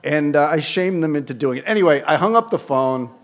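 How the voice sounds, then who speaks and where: A man in his sixties is speaking to an audience in an event hall, telling a story from the podium. His delivery is lively and conversational, and he breaks off for dry, self-deprecating asides. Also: on the high side, brisk. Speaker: award ceremony speaker. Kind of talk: anecdotal speech to an audience.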